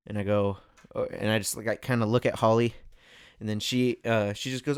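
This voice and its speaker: A young man hosting a podcast, telling a story in a casual, animated way and laughing often. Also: fairly low pitch, fairly quick, clean tone. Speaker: podcast host. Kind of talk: casual chat.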